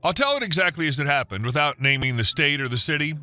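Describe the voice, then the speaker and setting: A male narrator reads a scripted first-person story in an even, steady storytelling manner. His voice sits somewhat high and sounds very bright. Faint music runs underneath. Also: quick pace.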